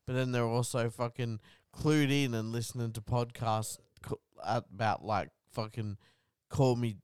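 A man's voice: mid-range voice, steady tone, a little slow, darkish tone, smooth, no echo, clean studio sound. A young Australian man co-hosting a podcast, brash and emphatic, swearing freely. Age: young adult. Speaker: podcast co-host. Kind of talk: casual crude podcast banter.

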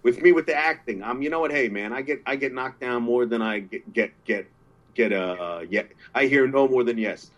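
Man, podcast guest, earnest, encouraging, halting restarts, casual chat. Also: mid-range voice, highs cut off.

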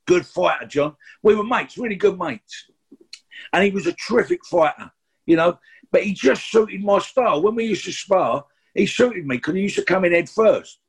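A husky-voiced guest actor in his sixties, speaking with a London accent, shares rambling anecdotes in an interview, restarting often and wandering into asides. His voice is high with lively intonation, and he talks at a normal speed.

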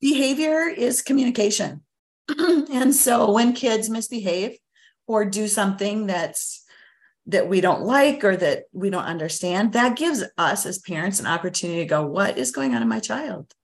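A woman's voice: mid-range voice, expressive, normal speed. A woman guest, a parent coach, explaining her ideas in an earnest, teacherly way in a casual interview.

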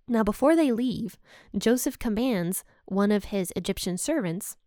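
A woman teaching a Bible study, retelling the story in a casual, lively way and acting out the characters' panic, often amused. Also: medium pitch, no echo, clean studio sound.

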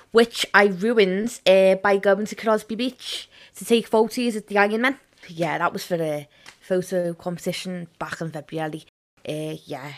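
A woman from Liverpool with a strong Scouse accent, chatting casually as a guest in an interview, full of "like" fillers and easy laughs. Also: medium pitch. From Liverpool, England.

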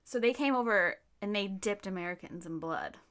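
A woman's voice: mid-range voice, moderate pace, fairly bright tone. A woman co-hosting a podcast, chatting casually and teasing with frequent laughter. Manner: giggly, teasing. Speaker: podcast co-host. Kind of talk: casual chat.

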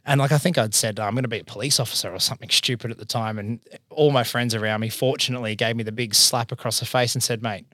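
An Australian man in his thirties, an accountant and business owner, telling his career story in a casual, animated way, acting out the voices he quotes. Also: medium pitch, fast, no echo, studio quality.

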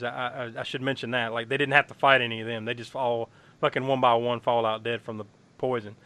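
A man in casual podcast chat, excitedly recapping a horror film, swearing freely, laughing often and acting out lines. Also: mid-range voice, clean tone, dry recording.

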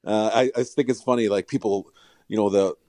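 A low-voiced man speaks as a guest on a casual podcast, rambling through his thoughts with an amused, self-mocking edge. His voice is dry and close, with no room sound. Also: fairly even intonation, fairly quick, warm tone, dry recording. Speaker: sportswriter guest. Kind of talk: casual chat.

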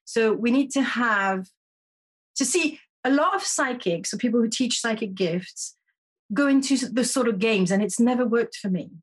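A woman with a somewhat husky, slightly high voice speaks as a podcast guest. She explains her method earnestly and patiently, often restarting her sentences. Her first language is French. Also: expressive, moderate pace. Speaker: podcast guest, intuition teacher. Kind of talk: conversational interview.

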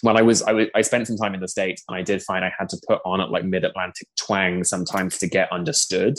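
A man's voice: sits low, level tone, quick pace. Posh London man, gossipy chat. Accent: posh London English. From England. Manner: chatty, gossipy, lots of "like" fillers. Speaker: podcast guest. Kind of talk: casual chat.

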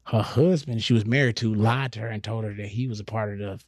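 A young adult man, a comedian guest, telling a slangy, animated story on a podcast. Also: on the low side, quick pace, no room sound, clean studio sound. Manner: animated, slangy, acts out scenes.

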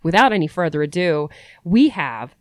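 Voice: medium pitch, sing-song, normal speed, dry recording. An upbeat co-host with a middle-range voice chats easily on a podcast. The speech often breaks off and restarts. The sound is dry and close. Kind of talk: casual podcast chat.

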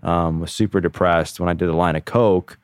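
A man in his thirties, a podcast guest, telling his own story candidly in a casual, animated way, full of "like". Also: low-pitched, fairly quick, clear, resonant tone, no echo, studio quality. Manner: candid, animated, heavy use of "like".

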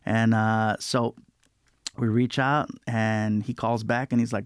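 A man telling a story as a guest comedian in an interview, animated and acting out other people's voices. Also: lowish voice, slow, clean tone, dry recording, clean studio sound. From California.

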